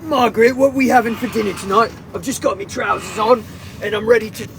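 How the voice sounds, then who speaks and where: A man's voice: sits high, fast, slight background noise. A man in a car doing a cheeky, over-the-top put-on British accent.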